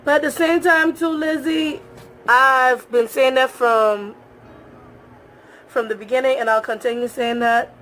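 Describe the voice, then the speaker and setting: A woman's voice: sits high, fairly even intonation, measured pace, a bit bright, soft background music. A young woman talking straight to her viewers in a casual, emphatic recap, repeating phrases for effect. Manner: talks straight to viewers, calls them y'all. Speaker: reality show recap vlogger.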